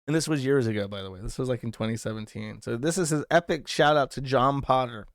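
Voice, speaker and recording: A man's voice: mid-range voice, quick pace. A man hosting a commentary show, talking over clips in a crude, sarcastic, profane way.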